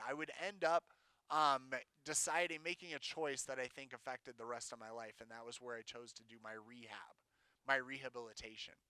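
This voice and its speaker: Bright, clear-voiced man telling his story. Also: medium pitch, no echo. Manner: candid, plainspoken storytelling with fillers. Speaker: self-advocate speaker. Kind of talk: storytelling talk to an audience.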